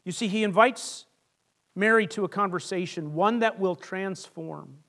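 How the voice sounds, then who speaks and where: High-voiced pastor preaching earnestly. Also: male voice, measured pace, creaky. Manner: earnest, conversational preaching with repeated restarts; drops to a hushed, soft voice on key lines. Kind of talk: sermon.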